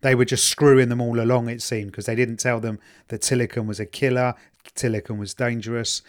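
A man's voice: medium pitch, flat delivery, a little fast. A man chatting casually as a podcast co-host, telling stories in a wry, sarcastic way. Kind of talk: casual chat.

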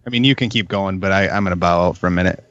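A man's voice: low voice, very fast, a bit bright, dry recording, muffled recording. A man co-hosting a podcast in casual chat, wry and amused. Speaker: podcast co-host.

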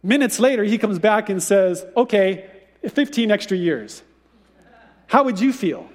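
A pastor with a high, light voice delivers a sermon, telling the story in a lively, conversational manner. His voice rings out with a long reverb, as in a large church sanctuary. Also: measured pace. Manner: storytelling, animated retelling with conversational asides.

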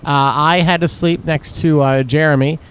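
A man's voice: fairly high pitch, steady tone, normal speed, smooth, rough recording. A man co-hosting a casual podcast outdoors at a racetrack campsite, dry and hesitant with frequent fillers. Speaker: podcast co-host. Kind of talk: casual chat.

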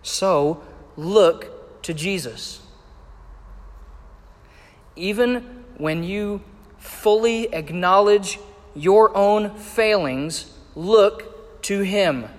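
A man preaching a sermon, measured and emphatic as he reads and explains scripture. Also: sits high. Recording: echoey hall with long reverb.

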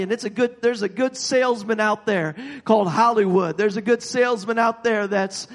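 A man preaching a sermon, halting and repeating words, growing emphatic as he goes. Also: sits high, long reverb tail.

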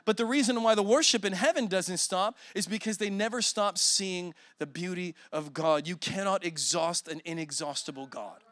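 A man's voice: high voice, moderate pace, few pauses, fairly bright tone, no echo, studio quality. A man in his forties preaching a sermon as a guest speaker, telling emotional stories with self-deprecating humor.

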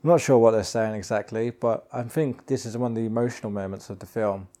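A man's voice: lowish voice, fast, mellow. Field: man. Role: podcast host. Style: casual film commentary. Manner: rambling, jokey. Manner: rambling, jokey, talks to himself.

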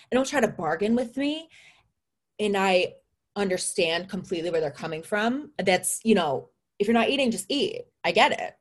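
A woman's voice: fairly low pitch, expressive, a little fast. A young woman in casual chat, talking openly and reflectively and laughing often.

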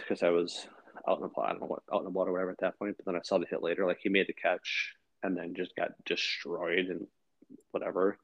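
A man's voice: low voice, creaky, fairly bright tone, husky, no echo, lo-fi sound. A man in his thirties co-hosting a fantasy football podcast, rambling in casual chat with lots of fillers and swearing.

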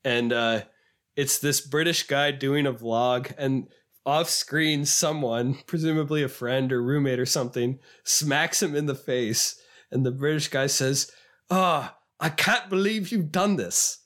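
A man co-hosting a podcast in casual chat, animated and sometimes quoting clips in a higher put-on voice. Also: a little slow. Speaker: podcast co-host.

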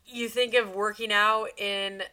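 A woman co-hosting a podcast in casual chat, with dry, wry humor and deadpan quips. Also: medium pitch, a little slow. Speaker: podcast co-host.

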